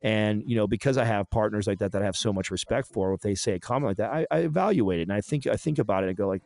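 A man's voice: on the low side, fairly quick, darkish tone, dry recording. A podcast co-host in his thirties talking candidly in a blunt, profane, emphatic way.

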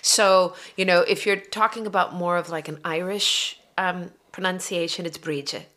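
A woman co-hosting a casual conversation, explaining with a soft voice that often drops to a near whisper. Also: on the low side, flat delivery, moderate pace. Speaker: co-host.

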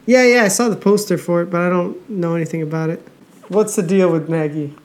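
A man's voice: sits high, brisk. A man co-hosting a podcast in casual chat, talking loosely and swearing freely. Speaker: podcast co-host.

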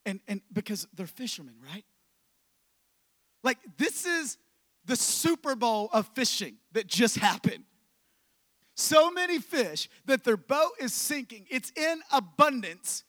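High-voiced pastor preaching with fervor. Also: male voice, sing-song, a little slow, no room sound. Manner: swings from loud shouting to hushed whispers, repeats phrases for emphasis. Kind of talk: sermon.

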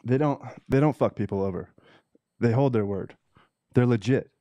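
A man's voice: medium pitch, normal speed, dark tone, dry recording. A man telling a heated, profanity-filled story in a casual monologue, ranting and reading messages aloud. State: emotional, teary at times. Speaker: cannabis seed breeder telling a story.

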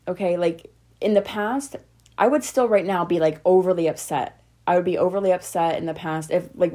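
A young woman speaks straight to her viewers in a personal, emotional vlog. Her voice sits a little low, and she rambles in loose, heartfelt sentences full of likes and okays. She sounds close to tears as she talks. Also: warm tone. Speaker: vlogger.

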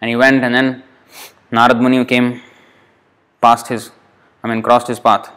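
A man's voice: mid-range voice, level tone, a little slow, fairly bright tone, clear, resonant tone. Guy telling an old devotional story, lots of "you know", keeps correcting himself. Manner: digressive, many fillers and self-corrections.

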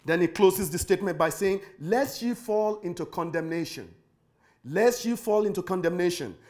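A man with a notably high voice delivers a sermon. He preaches emphatically, repeating key words for weight and spelling terms out one letter at a time. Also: warm tone.

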